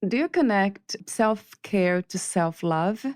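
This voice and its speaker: A woman's voice: medium pitch, expressive, slow, darkish tone, clean tone, no echo, studio quality. A woman hosting an interview, friendly, asking questions and laughing easily. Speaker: podcast host.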